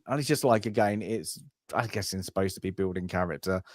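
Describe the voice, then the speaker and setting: A man's voice: on the low side, steady tone, fast talker, no room sound, studio quality. A man co-hosting a casual film review podcast, rambling and acting out lines from the movie. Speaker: podcast co-host. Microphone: home podcast mic on a live stream.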